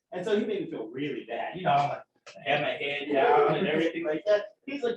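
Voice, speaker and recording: Male chemistry lecturer, swears freely, lively storyteller, mic far off in an echoey classroom. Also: fairly high pitch, quick pace, a little hiss or hum. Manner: profane, animated storyteller. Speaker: chemistry instructor.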